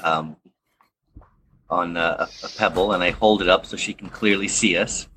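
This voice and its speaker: A man's voice: low voice, steady tone, normal speed, pushed and bright, a little hiss or hum. A man playing a tabletop game, speaking in a formal, courtly manner as his character. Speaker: player.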